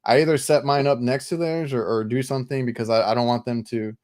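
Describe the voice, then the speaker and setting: A man co-hosting a casual podcast, chatting in a halting way and repeating his words. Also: mid-range voice, fairly even intonation, darkish tone, slight background noise. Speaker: podcast co-host, HVAC technician. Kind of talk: casual chat.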